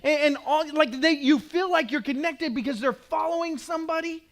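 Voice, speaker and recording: A male pastor with an Oklahoman accent preaching a sermon, telling stories with animation and acting out scenes, sometimes rising to a shout. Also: extremely high pitch, moderate pace.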